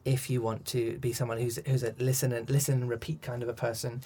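A man's voice: medium pitch, little pitch movement, fast, warm tone, slightly rough. A man, a coach, answering interview questions thoughtfully with frequent restarts and ums. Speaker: accent coach.

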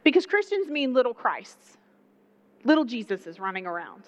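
Southern woman preacher, high-pitched, lively and chatty in the pulpit, muffled recording. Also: normal speed. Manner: animated, conversational preaching with playful asides. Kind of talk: sermon. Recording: dull lo-fi sound.

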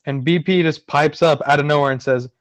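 A man with a somewhat high voice trading wry remarks in a casual podcast chat. He corrects the others' stories, and the sound is dry and close. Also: steady tone, fairly quick, no room sound. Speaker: podcast co-host.

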